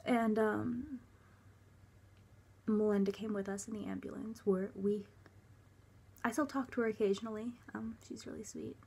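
Soft-spoken young woman telling a personal story. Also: medium pitch, fairly even intonation, creaky, breathy edge. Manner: halting, hesitant, with many fillers. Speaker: vlogger.

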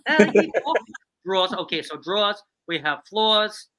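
A woman's voice: mid-range voice, sing-song, moderate pace, a crowd in the background. A woman with a New York accent hosting a live-stream game show, joking and reading out viewer answers. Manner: reads out viewer answers, jokey.

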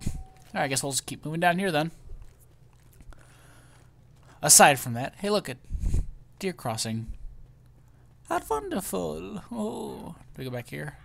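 A young man hosting a casual gameplay commentary, excitable and often startled. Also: on the high side, normal speed, gravelly. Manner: excitable, lots of startled exclamations. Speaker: let's play host.

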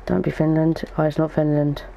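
A man's voice: on the high side, little pitch movement, a little fast, creaky, dark tone, muffled recording, slight background noise. A young man giving casual gaming commentary as a YouTuber, thinking aloud as he goes. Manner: chatty, thinks aloud while opening packs.

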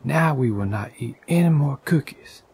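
A man voicing a sensible, patient male frog in a gentle whispered role-play storybook reading. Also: mid-range voice, animated, moderate pace, breathy edge. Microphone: condenser microphone.

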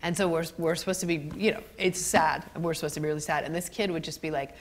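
Femme à la voix très grave, racontant avec entrain. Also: female voice, deep voice, fast talker. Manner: animated, laughs often, acts out quotes. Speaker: guest actor and screenwriter. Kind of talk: storytelling on a college stage interview. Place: college event stage.

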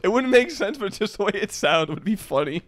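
A speaker with a middle-pitched, animated voice. This podcast co-host plays a card game with friends and banters casually. The speaker stays playful and puts on voices for the cards. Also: a little fast. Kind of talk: casual chat while playing a card game.

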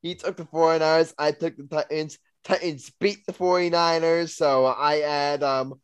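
A man's voice: on the high side, fairly even intonation, moderate pace, clear, resonant tone, no echo. A young man hosting a casual sports podcast, reading out bet results and standings in an upbeat way. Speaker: podcast host.

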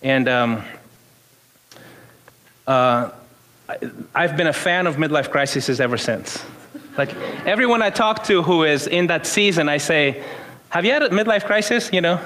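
A man's voice: fairly high pitch, a little slow, long pauses, a bit bright. A man in his fifties, a pastor, preaching a conversational sermon full of personal stories and informal restarts. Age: 50s. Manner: storytelling, informal, frequent restarts.

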